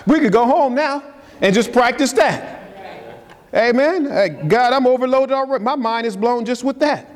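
A man's voice: very high-pitched, measured pace. A man preaching a sermon, emphatic and calling out to his congregation. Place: church sanctuary. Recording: long reverb of a large hall, faint noise.

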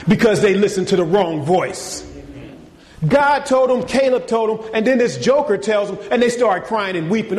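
A man preaching a sermon to his congregation, animated and colloquial, firing rhetorical questions and calling them y'all. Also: high-pitched, normal speed, big-room sound. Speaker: pastor. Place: church.

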